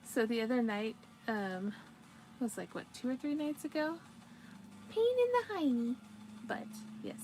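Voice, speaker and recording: A woman's voice: on the high side, expressive, moderate pace, a little mellow, a little hiss or hum, rough recording. A woman casually chatting with her viewers during a crochet livestream, giggling often and answering their comments.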